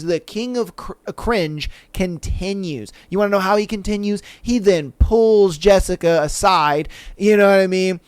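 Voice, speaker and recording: A man's voice: high voice, clean tone, no room sound. A man hosting a podcast, giving a casual, blunt, profane recap with mocking impressions. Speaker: podcast host.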